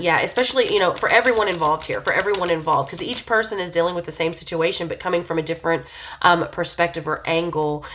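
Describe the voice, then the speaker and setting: A woman's voice: lowish voice, fast talker, fairly bright tone, a little hiss or hum. A woman giving a casual tarot reading, talking in a meandering, hesitant way full of fillers as she muses on what she senses. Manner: reflective, intuitive musing. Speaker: tarot reader.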